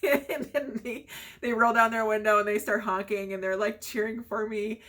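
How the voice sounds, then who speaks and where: Chatty young woman with a bright voice. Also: fairly high pitch, fairly even intonation, normal speed. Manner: chatty, laughs often, many fillers. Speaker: vlogger telling her story. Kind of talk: casual storytelling.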